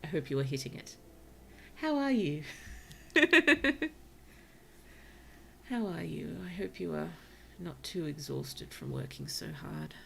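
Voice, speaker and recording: Soft, gravelly-voiced woman streamer. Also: low-pitched, huge pitch swings, moderate pace, hardly any pauses, slight background noise. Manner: soft-spoken, gentle, often drops to a whisper. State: tired, yawning. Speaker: virtual streamer. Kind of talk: casual gameplay commentary to chat.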